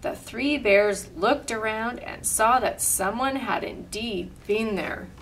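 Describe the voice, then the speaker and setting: Woman reading a storybook aloud, expressive. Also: a little high, takes it slowly, far from the mic, a little hiss or hum. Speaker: storyteller and craft leader.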